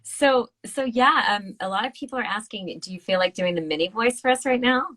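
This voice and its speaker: A woman's voice: fairly high pitch, brisk, fairly bright tone. A woman hosting a podcast, asking questions in a giggly, friendly interview manner. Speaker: podcast host. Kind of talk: casual interview.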